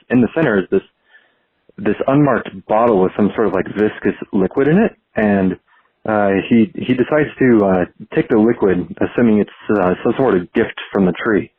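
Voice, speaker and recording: A man leaving a voicemail, telling an improvised story in a halting, stumbling way. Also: on the low side, husky, no room sound. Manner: halting, many restarts. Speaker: caller. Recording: tinny dry phone voicemail.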